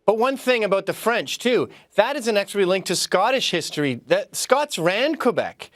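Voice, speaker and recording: A man who is a guest in a casual talk, speaking in a boisterous, animated way and laughing often. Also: high voice, moderate pace, no room sound. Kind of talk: casual chat.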